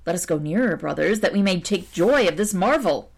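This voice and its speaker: A woman's voice: on the low side, lively intonation, brisk, vocal fry. A woman voicing a group of male sea merchants in a read-aloud folk tale, speaking in archaic exclaiming phrases. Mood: amazed. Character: seafaring male merchants, wonderstruck.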